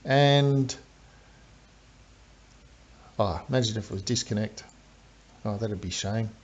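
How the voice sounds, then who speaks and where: A man giving casual live commentary on a strategy game, breaking down attacks with fillers and sudden bursts of excitement. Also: on the low side, fairly quick, slight background noise. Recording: dull lo-fi stream audio.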